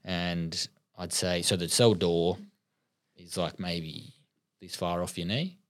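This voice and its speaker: Deep-voiced Australian man telling stories. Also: steady tone, slow, no echo, clean studio sound. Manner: laid-back, swears freely, laughs often. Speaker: podcast guest. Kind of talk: casual storytelling interview.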